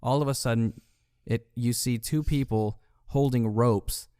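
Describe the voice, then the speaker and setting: A man's voice: medium pitch, fairly even intonation, measured pace, dark tone, clear, resonant tone, no echo, studio quality. A man co-hosting a podcast in casual chat, describing scenes step by step with fillers and light laughs. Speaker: podcast co-host.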